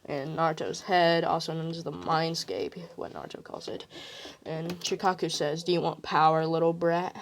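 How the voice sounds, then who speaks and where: A woman's voice: fairly low pitch, slight background noise. A woman casually retelling a fan what-if story, rambling with fillers and "like".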